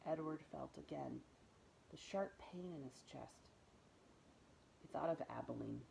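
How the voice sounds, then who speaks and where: A woman librarian reading a children's book aloud in a gentle, expressive storytelling voice. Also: rumbling low, a little slow, gravelly, slight background noise, rough recording. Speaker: school librarian.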